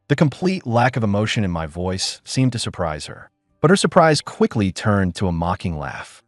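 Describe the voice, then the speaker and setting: A man's voice: lowish voice, very animated, moderate pace, dry recording, clean studio sound, faint music behind. A man narrating a first-person audiobook drama in a weary, bitter tone.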